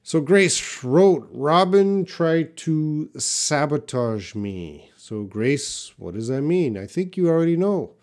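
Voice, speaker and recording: A man's voice: a little high, expressive, slow, few pauses, darkish tone. A man teaching English in a live question-and-answer class, reading out viewer comments and explaining them patiently with short example sentences.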